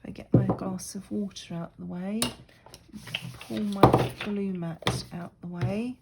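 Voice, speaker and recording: A woman's voice: medium pitch, fairly even intonation, measured pace, gravelly, heavy background noise. A middle-aged woman chatting casually and rambling a little while she works on a craft project, poking fun at herself. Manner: chatty, rambling, self-deprecating. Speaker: crafting vlogger.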